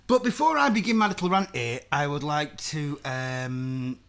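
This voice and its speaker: A man's voice: on the high side, animated, normal speed, vocal fry, a bit bright. A man hosting a live online show, ranting and swearing, calling people brother, with stammering restarts. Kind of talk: ranting live stream chat.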